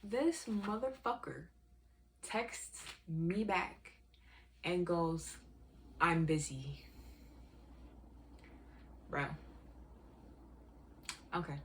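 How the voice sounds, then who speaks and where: Woman, low-pitched voice, angry profane rant, vlog, emphatic. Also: lively intonation, drawn-out words, long pauses, slight background noise. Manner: exasperated storytelling.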